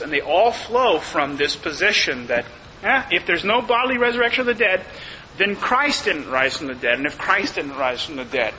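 Pastor guy preaching, slows way down on the big points, long echo, faint hiss. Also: a little high, sharp tone. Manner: emphatic, slows down to stress key phrases. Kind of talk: sermon.

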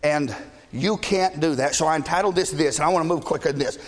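A middle-aged man preaching a sermon as pastor, blunt and passionate, shouting at times and joking with the congregation. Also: fairly high pitch, quick pace, slight background noise. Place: church sanctuary. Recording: long reverb of a large church hall.

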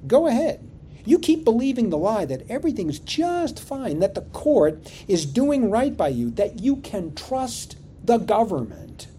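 A mocking male sage jeers at a listener, his voice pushed higher than usual and swooping with scorn. A man acts him out in the middle of a sermon. The tone is mellow underneath, with a faint rumble in the background. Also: sing-song, measured pace. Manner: mocking, taunting, emphatic. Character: sneering sarcastic male sage taunting a godless man.

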